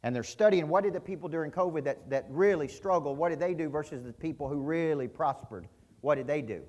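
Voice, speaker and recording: A middle-aged man gives a punchy, intense keynote on business coaching at a conference, often firing questions at his listeners from the hall's stage. His voice is on the high side and darkish, his pace a little fast.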